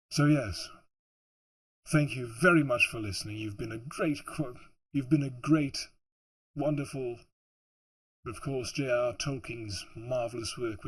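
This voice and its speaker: A man's voice: medium pitch, slightly rough. A tired man in a put-on British accent, rambling and chuckling late at night. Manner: rambling, self-mocking, chuckling. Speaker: audiobook narrator.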